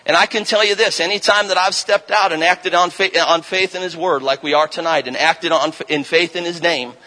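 Fervent bright-voiced male preacher. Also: fairly high pitch, steady tone, fairly quick, low-quality recording. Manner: fervent, rising to loud emphatic declarations. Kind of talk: revival sermon with healing testimony.

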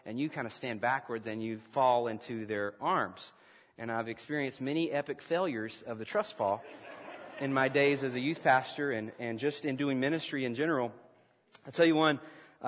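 A man preaching a sermon as pastor to his congregation, animated and shifting his emphasis and loudness as he speaks. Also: medium pitch, in a large hall. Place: church sanctuary.

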